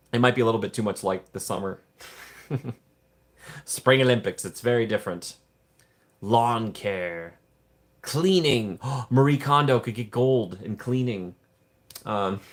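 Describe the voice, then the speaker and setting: A man's voice: fairly low pitch, unhurried, long pauses. A man hosting a casual livestream, rambling and joking while he reads viewer chat. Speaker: livestream host.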